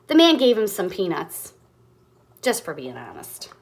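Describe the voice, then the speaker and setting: A woman reading a picture book aloud to children in an animated way, stopping for asides to her young listeners. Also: medium pitch, unhurried, breathy edge. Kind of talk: storybook read-aloud.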